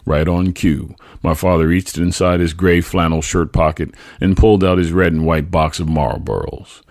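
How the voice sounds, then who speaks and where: A man reading his own memoir aloud as a podcast host, husky and tender. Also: deep voice, fairly even intonation, normal speed, a little mellow, no room sound, clean studio sound. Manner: tender, reflective storytelling.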